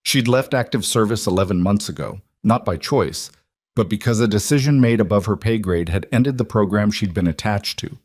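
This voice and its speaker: Low-voiced man narrating a drama. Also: a little mellow, no room sound, clean studio sound. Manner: measured, dramatic pauses. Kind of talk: scripted story narration.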